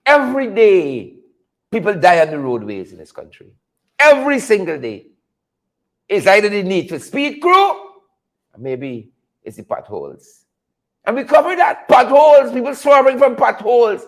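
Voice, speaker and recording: A man's voice: very high voice, big pitch swings, normal speed. A Guyanese man hosting a commentary show, preaching and exclaiming with heavy repetition for emphasis. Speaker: show host. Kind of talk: impassioned commentary.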